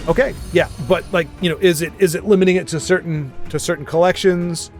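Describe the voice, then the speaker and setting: A man's voice: sits high, fairly even intonation, fairly quick, soft background music. A man casually commentating a card game match, chatty and self-deprecating, rambling with frequent restarts.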